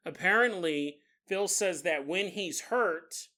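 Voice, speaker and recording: A man hosting a podcast, telling a strange story in a joking, animated way and often laughing. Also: high-pitched, slow pace. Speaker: podcast host. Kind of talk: comedic storytelling.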